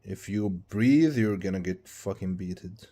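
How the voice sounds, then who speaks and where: A man's voice: low-pitched, measured pace, dark tone. Profane man streaming. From Tunisia. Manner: loose, profane, rambling storytelling. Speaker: game streamer. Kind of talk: casual livestream chat.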